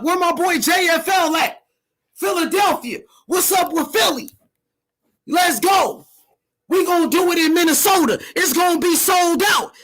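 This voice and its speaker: Shouting hyped-up man, very high voice. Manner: loud, repetitive, profane rallying. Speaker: boxer's camp member calling out an opponent. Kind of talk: hyped trash talk.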